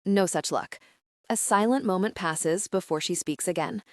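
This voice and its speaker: A woman's voice: lowish voice, normal speed, dry recording, clean studio sound. A woman narrating a first-person romance audiobook in a wry, self-deprecating way.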